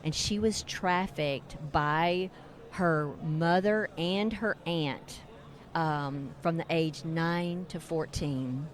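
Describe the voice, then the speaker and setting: A woman's voice: deep voice, slow pace. A middle-aged woman, a ministry co-founder, telling a story in an earnest, heartfelt way during an interview at a convention. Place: religious broadcasters convention.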